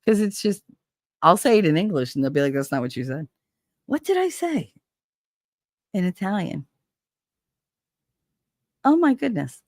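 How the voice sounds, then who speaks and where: A woman's voice: sits low, no echo, studio quality. A middle-aged woman, chatting casually with viewers and telling stories with swearing and laughs. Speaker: livestream host.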